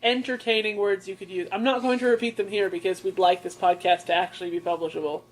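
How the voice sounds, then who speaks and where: A woman's voice: medium pitch, steady tone, quick pace. A woman co-hosting a podcast, telling a story in casual chat with a profane, mocking manner. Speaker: podcast co-host.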